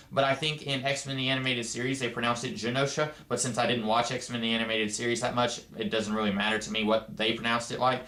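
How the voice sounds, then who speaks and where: A man's voice: medium pitch, bright, forceful tone. Rambling man reviewing comics, echoey room. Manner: rambling, many uh fillers and asides. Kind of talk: casual spoken review.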